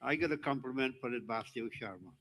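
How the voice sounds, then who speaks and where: A man's voice: mid-range voice, animated, fast talker, a bit bright, rough recording. An older man from Trinidad, giving a rambling, joking speech to an audience at a live religious event on a handheld mic. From Trinidad and Tobago. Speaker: community speaker at the event.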